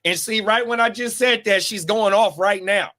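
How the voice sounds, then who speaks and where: A man's voice: high voice, moderate pace, pushed and bright. A man co-hosting a podcast in casual chat, slangy, repeating his catchphrases and reading out viewer comments. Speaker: podcast co-host.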